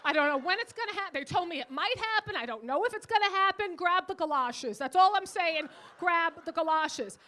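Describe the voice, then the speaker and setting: An older woman doing a bawdy stand-up comedy set, brash and teasing, swinging between loud outbursts and quiet asides. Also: very high voice, expressive, fast, hardly any pauses. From Irish. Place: comedy club stage.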